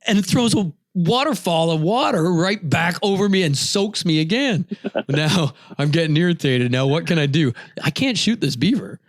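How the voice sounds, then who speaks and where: Animated man telling a hunting story. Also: moderate pace, dry recording, studio quality. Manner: animated, voice jumps high when retelling his shouts. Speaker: podcast co-host. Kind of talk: casual storytelling.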